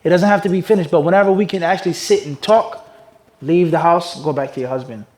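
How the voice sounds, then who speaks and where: In a classroom before a live audience, a man teaches an Islamic class and fields questions, often stopping to ask "what?" so students supply the word. His voice sits on the high side, and he shifts between loud emphasis and quiet asides; the audio is poor.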